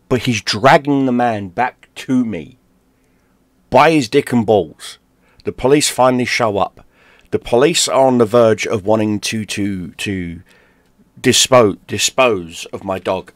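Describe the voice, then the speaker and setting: A man from London, a gaming streamer, telling a personal story in a lively, profane way. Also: fairly low pitch, unhurried, dry recording, clean studio sound. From London, England. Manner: animated, profane, acts out shouted quotes.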